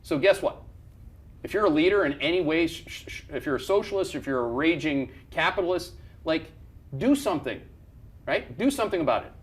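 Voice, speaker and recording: Brisk and animated, a man with a somewhat high voice runs a market show as CEO of an investment firm. His chart commentary is a fired-up, blunt rant laced with swearing and constant restarts.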